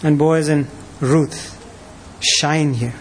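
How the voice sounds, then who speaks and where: A man's voice: on the high side, steady tone, extremely slow, slight background noise. A man preaching a sermon as a pastor, emphatic and full of rhetorical questions.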